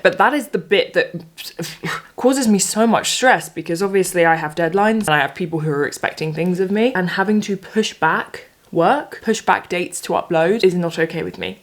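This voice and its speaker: Casting: young woman, vlogger, lower voice, animated chatty ranter. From England. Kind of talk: casual vlog chat.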